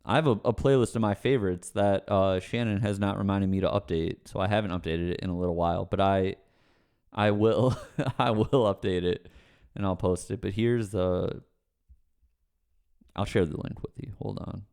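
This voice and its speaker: A man's voice: low voice, fairly even intonation, normal speed, vocal fry, darkish tone, clean tone. A man on a livestream chatting casually with viewers, ranting, swearing and then apologizing with a laugh. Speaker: streamer answering chat questions.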